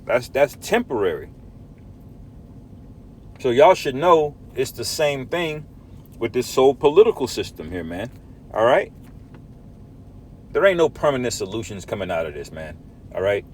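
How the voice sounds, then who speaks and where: A man's voice: medium pitch, sing-song, normal speed, long pauses, a little hiss or hum. A man preaching from scripture, emphatic, often tagging lines with "man" and "all right?". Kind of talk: scripture teaching.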